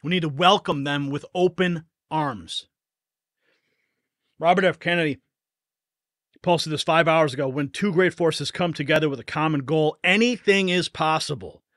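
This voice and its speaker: A man's voice: on the high side, normal speed, a bit bright, dry recording, clean studio sound. A man hosting a live political news stream, talking fervently and emotionally over the clips he plays.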